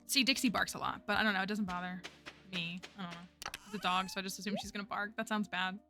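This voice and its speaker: A woman's voice: mid-range voice, steady tone, fast talker, background noise. A woman streaming a game, chatting casually as she plays, thinking aloud and talking to her viewers. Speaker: livestreamer. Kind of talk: casual gameplay commentary.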